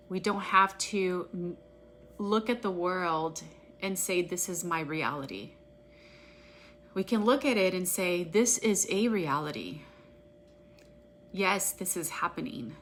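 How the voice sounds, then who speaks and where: A woman practitioner guiding an EFT tapping session, speaking in an earnest, gentle, affirming way. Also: fairly low pitch, takes it slowly, pauses often, a little hiss or hum.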